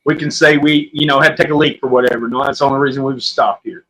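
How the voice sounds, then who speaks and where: A man's voice: medium pitch, steady tone, quick pace, a bit bright, low-quality recording. A man with an Oklahoman accent, telling a story as a podcast guest in a rambling, folksy way. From Southwest Oklahoma. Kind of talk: casual storytelling.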